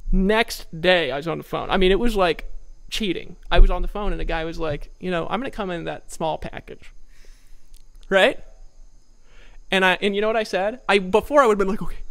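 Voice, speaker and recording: A man's voice: high-pitched, moderate pace, creaky, pauses often, fairly bright tone. A man giving a sales training talk with lots of energy, acting out his old phone calls. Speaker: network marketing trainer.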